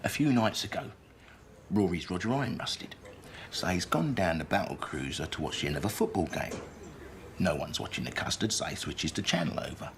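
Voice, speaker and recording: Deadpan crime-film storyteller, low voice, lively pitch. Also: male voice, fairly quick, creaky, a little hiss or hum. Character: dry male narrator telling a gangster tale. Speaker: film narrator. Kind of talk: scripted film narration.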